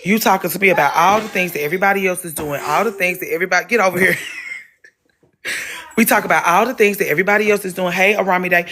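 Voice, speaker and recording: A woman's voice: medium pitch, steady tone, fast, noisy background. A woman, chatting casually on a livestream and pleading with her pet between remarks to viewers. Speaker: livestream host.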